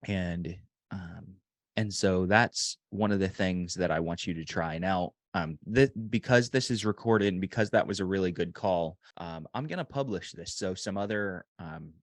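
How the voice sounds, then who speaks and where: A man coaching a sales agent one on one, relaxed and rambling with frequent ums and restarts. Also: sits low, normal speed, no room sound.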